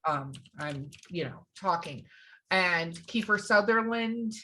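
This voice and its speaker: A woman's voice: lowish voice, animated, takes it slowly, fairly bright tone, a little hiss or hum. A woman co-hosting a podcast in casual chat, enthusiastic and sometimes trailing off as she searches for names. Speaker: podcast co-host.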